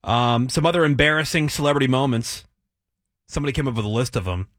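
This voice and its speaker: A man's voice: mid-range voice, fast talker, a bit bright, dry recording, studio quality. A man hosting a talk show, chatting casually and laughing along, with a laid-back way of talking. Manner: laid-back, laughing, says dude a lot. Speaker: radio show host. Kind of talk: casual banter.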